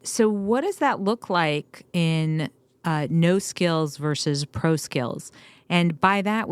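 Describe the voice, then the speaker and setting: Low-voiced woman co-hosting a podcast. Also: smooth, dry recording. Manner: chuckling, animated storytelling. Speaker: podcast co-host. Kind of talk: casual conversational podcast.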